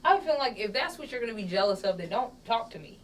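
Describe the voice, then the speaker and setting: A woman's voice: on the high side, lively intonation, fast, distant mic. A woman hosting a casual chat show, brash and profane, laughing often. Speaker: podcast host.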